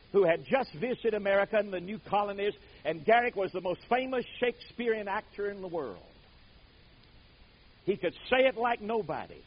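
An older man preaching a sermon, telling stories dramatically, booming out some words and dropping others to a hush. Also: husky, dull audio. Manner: dramatic storytelling, swings from booming to hushed.

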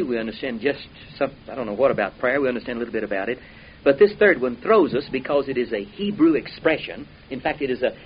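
Folksy preacher, lo-fi tape. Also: male voice, medium pitch. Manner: folksy, emphatic, rising and dropping volume. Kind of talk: sermon. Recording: dull lo-fi recording with faint hiss.

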